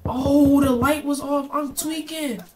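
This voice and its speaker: A young gamer commentating a horror game, bursting into loud panicked screams between jokey banter. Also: high voice, steady tone, takes it slowly, noisy background.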